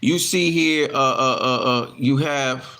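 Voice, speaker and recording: A man talks to his viewers about boxing in a loose, unscripted way. His voice sits at an ordinary middle pitch. He swears freely, stumbles through restarts and fillers, and gets openly annoyed when things go wrong. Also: slow, sharp tone. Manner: frustrated, heavy swearing, many restarts. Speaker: boxing commentary vlogger. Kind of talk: casual talk to camera.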